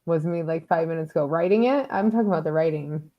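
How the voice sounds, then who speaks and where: A woman's voice: sits low, quick pace, dull audio. Female panelist, filler-heavy, laughs often, casual critique. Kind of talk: casual review chat.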